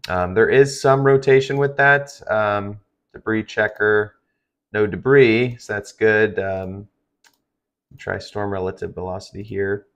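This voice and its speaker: A man's voice: lowish voice, unhurried. A tired man hosting a live stream of severe weather coverage, talking in a rambling, conversational way with lots of fillers. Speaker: livestream weather host.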